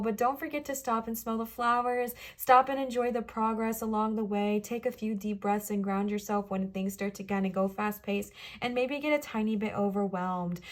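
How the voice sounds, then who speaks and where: A woman reads tarot cards straight to her viewers in a voice set a little high. She talks fast, gushing and reassuring as she passes on each message. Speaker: tarot reader. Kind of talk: pick-a-card tarot reading to camera.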